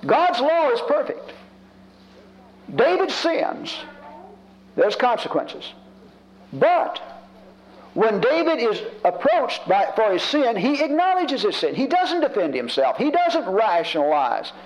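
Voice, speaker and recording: A man's voice: extremely high pitch, very animated, slow pace, long pauses, slight background noise. A man preaching a sermon in a conversational, emphatic way, building his points through repetition. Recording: dull lo-fi recording.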